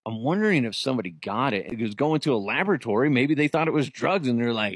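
A man doing a comedic podcast monologue who keeps jumping into loud, exasperated voices. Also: mid-range voice, lively intonation, quick pace, few pauses, no room sound, clean studio sound. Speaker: podcast host.

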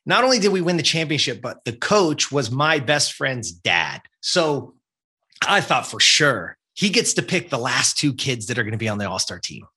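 A man's voice: mid-range voice, sing-song, moderate pace, pushed and bright, husky. A man, telling a personal story as a guest in an earnest, emphatic way and often checking in with "right?". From Southern California. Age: 50s.

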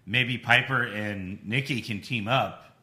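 Super bright guy cohosting, lots of "yeah right" chiming in, jokey. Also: on the low side. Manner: agreeable, quick interjections, jokey. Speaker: podcast co-host. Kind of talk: casual podcast chat.

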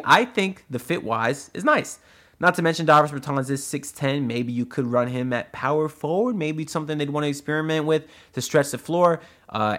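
Dude doing a solo sports podcast, mid-pitched voice, chatty, lots of uh's and tangents. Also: male voice, a bit bright. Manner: chatty and loose, with frequent "uh" and asides. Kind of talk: casual podcast commentary. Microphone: audio-only podcast mic.

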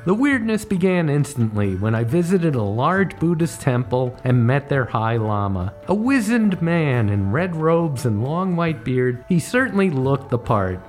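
A man's voice: mid-range voice, big pitch swings, measured pace, hardly any pauses, soft background music. Wisecracking man narrating comic travel tales. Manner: dry, wisecracking delivery. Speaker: comedy writer telling travel stories.

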